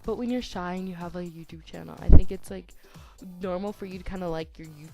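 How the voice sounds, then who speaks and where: A teenage girl chatting over a game build, soft-spoken and tongue-tied, with voice cracks and constant "like"s. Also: lowish voice, steady tone, fast talker, gravelly, loud music behind the voice. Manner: chatty, self-deprecating, lots of "like", tongue-tied restarts. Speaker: YouTuber. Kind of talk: rambling voice-over chat during a speed build. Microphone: home desk microphone.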